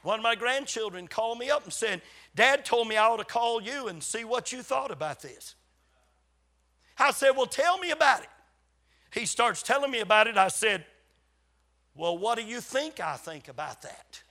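A man's voice: extremely high pitch, animated, normal speed, sharp tone. An older man, a pastor, preaching a sermon and telling stories, acting out quoted conversations with emphatic repetition. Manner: storytelling, acts out quoted dialogue with emphatic repetition.

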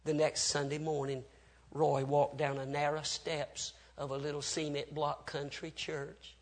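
Man, preacher, high voice, dramatic sermon story, hushed whispers, sudden cries. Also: level tone, unhurried. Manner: acts out the people in the story.

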